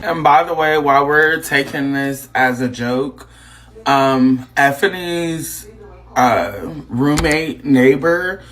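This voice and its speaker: A man giving casual commentary, hesitant and pausing on fillers. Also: fairly high pitch, fairly bright tone, poor audio.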